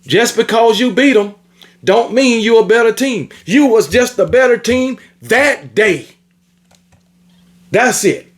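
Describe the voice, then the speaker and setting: A man with a notably high voice rants at rival fans. He scolds and repeats himself, swearing freely in a loose monologue. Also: expressive, slow. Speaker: sports commentator. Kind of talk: ranting sports opinion monologue.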